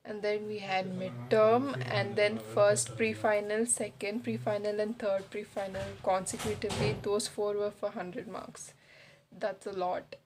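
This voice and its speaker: A woman's voice: mid-range voice, little pitch movement, a little slow, a crowd in the background, low-quality recording. A young woman chatting casually in a vlog, rambling with lots of fillers and poking fun at herself. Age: young adult. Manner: rambling, filler-heavy, self-mocking. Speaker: vlogger. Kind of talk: casual vlog voice-over chat.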